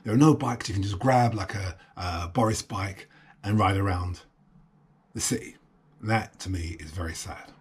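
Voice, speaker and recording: A man's voice: low-pitched, normal speed, slightly rough. A man talking to the camera as a travel vlogger, musing and chatty as he walks city streets. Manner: musing, chatty, talks to himself. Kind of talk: casual vlog narration. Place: city streets and hotel room.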